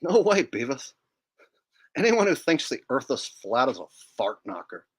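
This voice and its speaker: A man doing an impression of a dumb, smug teen cartoon boy, sneering and bossy in a low drawl. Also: very animated, normal speed, slightly rough.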